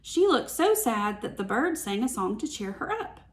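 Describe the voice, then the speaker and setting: A woman reading a picture book aloud as a teacher, with slow, expressive storytelling. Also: on the high side.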